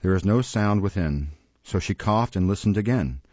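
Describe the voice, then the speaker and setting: A man reading a classic novel aloud as an audiobook narrator in a measured way. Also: on the low side, lively intonation, darkish tone, no echo, lo-fi sound. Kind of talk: scripted narration.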